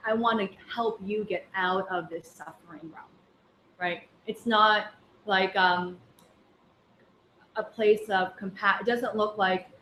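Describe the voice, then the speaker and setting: A woman's voice: medium pitch, steady tone, takes it slowly, fairly bright tone. Woman, chatty Buddhist teacher, roomy echo, faint background hum. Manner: conversational, anecdotal, many fillers. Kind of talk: casual dharma class talk. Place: class room. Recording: echoey room with faint ambience.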